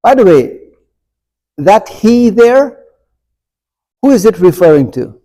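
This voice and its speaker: Guy with a fairly high voice running a bible study, chatty, keeps quizzing the room and doing little bits of dialogue. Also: big pitch swings, slow pace, warm tone, poor audio. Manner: conversational, asks the group questions, acts out dialogue with humor. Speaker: pastor leading an adult forum. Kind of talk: informal Bible class teaching. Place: church room.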